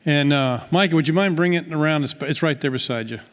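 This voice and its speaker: A man's voice: fairly high pitch, quick pace. A man, a pastor, giving a folksy, self-deprecating speech at a church retirement party. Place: church hall. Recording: long hall reverb.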